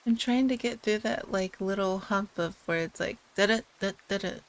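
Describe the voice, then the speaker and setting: Slow, giggly woman streamer. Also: on the high side, darkish tone, rough recording. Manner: giggly, chatty, easygoing. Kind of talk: casual chat.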